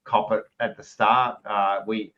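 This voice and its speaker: An Australian man hosting a fan podcast, rambling and excitable as he signs off the live stream and swears freely. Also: lowish voice, unhurried, distant mic, muffled recording. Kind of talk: casual live-stream sign-off.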